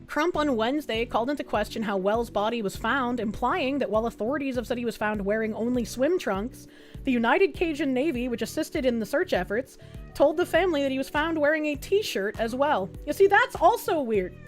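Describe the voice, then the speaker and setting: A woman's voice: high-pitched, expressive, a little fast, soft background music. A young adult woman streaming, chatting loosely through casual reaction commentary, swearing freely and reading chat messages aloud.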